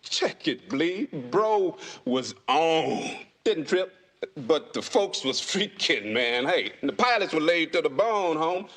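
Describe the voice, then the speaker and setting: A laid-back jive-talking passenger, drawling in thick street slang from a film comedy. His voice sits a touch high and he takes his time over each word. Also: very animated, takes it slowly, a bit bright, exaggerated voice. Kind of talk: 1980s film comedy dialogue.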